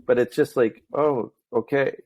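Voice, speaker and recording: A man's voice: mid-range voice, measured pace. Chatty middle-aged male host. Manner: talkative, animated storyteller. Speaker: podcast host. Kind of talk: casual chat.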